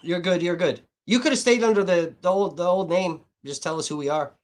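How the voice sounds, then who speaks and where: A man's voice: sits high, a little fast. A man livestreaming, rambling casually and profanely to his chat viewers, saying he feels hot and dehydrated.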